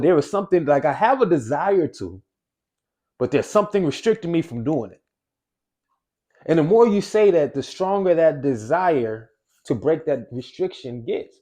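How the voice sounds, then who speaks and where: With a warm, animated voice that sits on the high side, this man coaches viewers on weight loss in a relaxed, motivational talk to camera. He repeats important phrases and draws out single words for emphasis.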